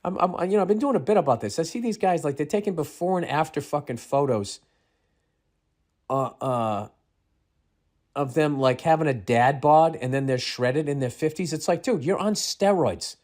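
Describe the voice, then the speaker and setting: A man's voice: on the high side, normal speed, a little mellow. A man in his fifties ranting alone as podcast host, a rambling storyteller who swears constantly and sounds exasperated and incredulous. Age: 50s. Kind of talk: casual solo ranting monologue.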